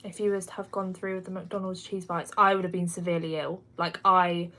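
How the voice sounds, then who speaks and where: A woman's voice: fairly low pitch, flat delivery, fairly quick, bright, forceful tone. A woman in her twenties with a Kent accent, chatting casually on a livestream and answering viewer comments with frequent laughs. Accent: Kent English. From England. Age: 20s. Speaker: livestream host. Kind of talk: casual live chat.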